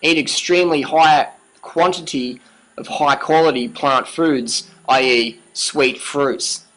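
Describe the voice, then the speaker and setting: A man's voice: on the high side, slow, a bit bright, poor audio. A man giving an emphatic, passionate monologue as a vlogger, repeating himself, swearing freely and often asking "you know what I mean".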